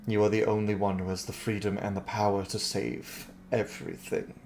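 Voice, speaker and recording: A man voicing a grave, protective elf father who speaks slowly and quietly. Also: lowish voice, flat delivery, slight background noise, lightly acted. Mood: solemn. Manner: slow, solemn and hushed.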